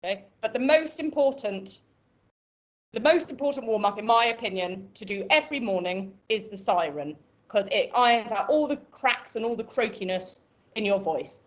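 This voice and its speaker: A woman with an Irish accent teaching an online voice class, explaining and demonstrating breathing and pitch exercises. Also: expressive, normal speed, muffled recording. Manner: instructive, demonstrates vocal exercises. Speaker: voice coach.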